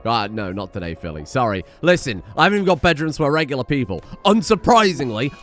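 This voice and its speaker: A man's voice: mid-range voice, fast talker, hardly any pauses, soft background music. A man giving let's-play commentary, joking and swearing at his game characters as he plays. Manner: animated, swearing, joking asides to the colonists. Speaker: gameplay commentator.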